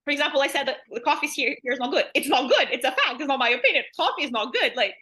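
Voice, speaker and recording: A woman's voice: high-pitched, animated, very fast, pushed and bright. A woman, a language teacher, talking casually as an interview guest, rambling with lots of "like" and laughing often.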